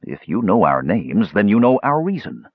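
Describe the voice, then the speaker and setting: A man plays a bold young half-elf hero who speaks with earnest defiance. His voice is deep and husky, with a lively rise and fall. The delivery is audiobook character voicing. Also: fairly quick, no room sound, narrow, tinny audio, full character voice.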